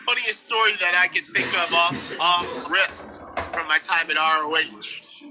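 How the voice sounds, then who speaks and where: A ring announcer from New York telling stories in a casual interview, in a rambling, laid-back way. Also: male voice, a little high, steady tone, unhurried, over music, poor audio.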